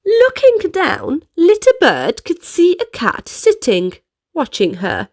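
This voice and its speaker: Lady doing kids' story time, high lively sing-song voice, slow and dry. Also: no echo. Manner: animated, sing-song, playful sound effects. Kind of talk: picture-book read-aloud for kids.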